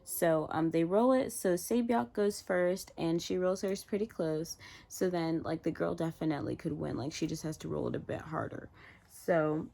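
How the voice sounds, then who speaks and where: Woman, lower-pitched voice, chatty show recap vlog, loose and animated, lots of "like". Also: normal speed, gravelly. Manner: chatty, heavy use of "like", animated retelling. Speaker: TV show reviewer. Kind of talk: casual recap and reaction.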